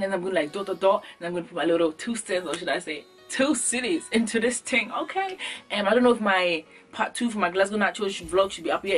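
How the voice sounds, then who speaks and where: A young woman from Ghana talks straight to her camera in a casual comedy vlog. She acts out little scenes, and her voice leaps up when she mimics people. Faint music plays quietly behind her. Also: mid-range voice. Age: young adult. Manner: animated, acts out little scenes with sudden jumps in voice. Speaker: beauty vlogger. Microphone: camera mic.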